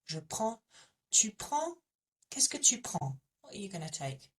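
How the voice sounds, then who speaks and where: A woman's voice: medium pitch, big pitch swings. Woman teaching French, slightly distant mic. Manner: explains patiently, repeats French words slowly to model pronunciation. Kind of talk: language lesson.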